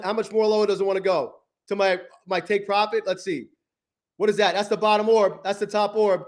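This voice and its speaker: A man streaming his futures trades live from his garage, thinking aloud and swearing often, swinging from flat muttering to loud gloating. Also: high voice, fairly quick. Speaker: trading livestreamer. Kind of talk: live trading stream commentary. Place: home garage.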